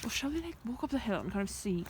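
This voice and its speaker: A young woman vlogger chats nervously to the camera in a casual walking vlog on a rural hillside, often dropping to a whisper. Her voice is on the high side, fast, with big pitch swings. The outdoor recording is noisy.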